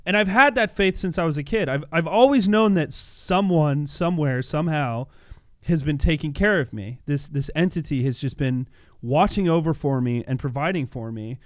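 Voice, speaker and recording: A man giving casual devotional commentary over a gameplay video as a YouTuber, earnest and animated, often repeating words as he talks. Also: on the high side, moderate pace, dry recording, studio quality.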